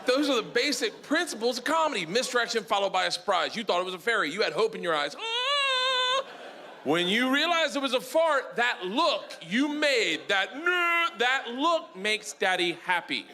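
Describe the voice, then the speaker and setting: A middle-aged man works a comedy club stage, telling his stories loudly and shouting the punchlines. His voice sits high and leaps all over the place. The live club audio carries a clear wash of audience noise behind him. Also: moderate pace, hardly any pauses. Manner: loud, animated storytelling with shouted punchlines. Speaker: stand-up comedian. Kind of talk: stand-up comedy set.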